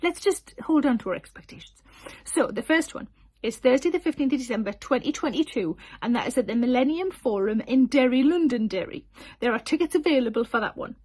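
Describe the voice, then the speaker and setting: A woman in her forties chatting casually to camera about her tour dates, giggly and full of self-deprecating asides. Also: on the high side. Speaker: comedian announcing tour dates.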